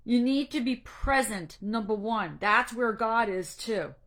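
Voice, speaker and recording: A woman coach talks slowly and earnestly about faith and finding peace, her voice a little high. She is emotional and close to tears, and she often stumbles and restarts her sentences. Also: fairly bright tone. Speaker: anxiety coach. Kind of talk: faith-based encouragement talk.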